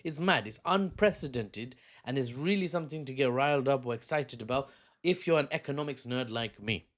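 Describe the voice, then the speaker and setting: A man's voice: medium pitch, brisk. A man giving a casual, rambling news commentary, cracking jokes and laughing at his own asides.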